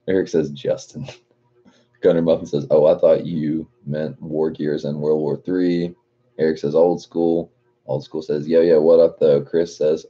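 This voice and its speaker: Laughing and swearing through viewer comments, this casual livestream host speaks in a husky, warm, rumbling low voice. His audio comes through dull and lo-fi.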